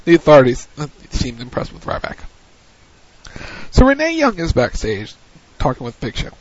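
A man's voice: on the high side, huge pitch swings, no room sound. Man recapping wrestling in dull audio. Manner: recounts events in a hurried play-by-play, with frequent restarts. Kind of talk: casual recap commentary.

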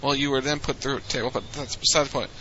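A man's voice: mid-range voice, steady tone, fast talker, bright, forceful tone, lo-fi sound, a little hiss or hum. A man co-hosting a casual recap, chatty and rambling, with frequent restarts. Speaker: podcast co-host recapping wrestling.

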